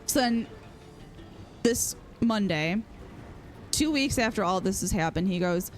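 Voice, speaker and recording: A woman's voice: mid-range voice, lively intonation, unhurried, faint music behind. A woman streaming a video game, talking casually and reacting aloud as she plays. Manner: chatty, peppered with "like", reacts aloud to gameplay. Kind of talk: casual live-stream chat while gaming.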